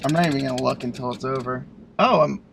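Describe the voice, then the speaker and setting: A man's voice: mid-range voice, quick pace, gravelly, background noise. A man as a guest in a casual comedy chat, laughing often and hedging his answers, recorded inside a car. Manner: laughs a lot, hesitant and squirming.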